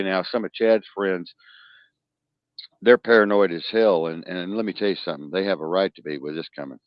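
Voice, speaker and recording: Brief: emphatic podcast host, low voice, dry, muffled recording. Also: male voice, smooth, no echo. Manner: emphatic, warning, addresses the audience. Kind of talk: casual podcast talk.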